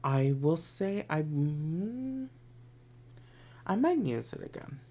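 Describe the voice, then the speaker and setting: In this casual makeup tutorial, a male vlogger speaks slowly in a fairly high, sing-song voice over heavy background noise. His manner is sassy and campy, sometimes breaking into whispered asides.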